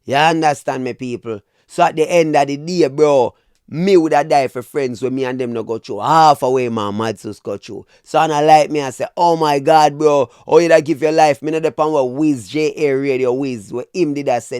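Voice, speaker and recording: A man's voice: medium pitch, moderate pace, clean tone, no room sound, studio quality. A man with a Jamaican accent giving opinionated commentary as a vlogger and speaking straight to his viewers. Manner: animated, preachy, addresses viewers as "people".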